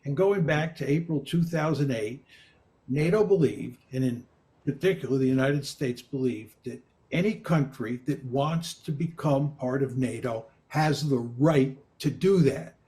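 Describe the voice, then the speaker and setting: An older man answering interview questions in a measured, emphatic, lecturing way. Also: mid-range voice, warm tone. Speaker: interviewee, political scientist.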